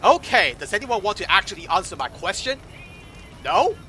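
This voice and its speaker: A man's voice: high-pitched, very animated, normal speed, bright, forceful tone, faint music behind. A man giving comedic gameplay commentary in a sarcastic, profane, exasperated manner. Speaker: commentator voicing the player character.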